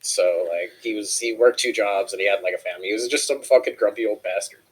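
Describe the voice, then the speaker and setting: A man's voice: fairly low pitch, fast, breathy edge, low-quality recording. A man co-hosting a casual chat show, telling a long, profane story and acting out the people in it. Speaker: co-host.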